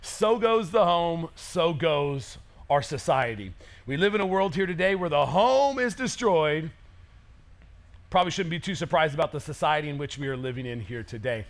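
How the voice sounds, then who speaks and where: Man, pastor, sermon, high-pitched, lively conversational preaching. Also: normal speed. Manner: energetic, conversational preaching with acted-out quotes.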